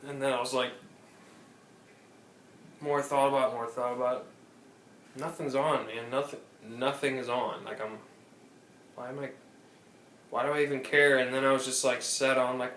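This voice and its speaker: A man chats casually as a podcast co-host, voice sitting in the middle of his range. He tells animated stories and mimics callers in high voices. The phone recording is roomy, with a faint hiss underneath. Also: moderate pace, long pauses. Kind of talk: casual chat.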